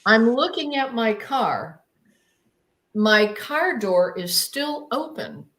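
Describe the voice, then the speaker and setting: A woman's voice: on the high side, expressive, slow pace, fairly bright tone. A woman being interviewed who tells her story with emphasis and drama, acting out her own inner thoughts as she goes. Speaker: guest.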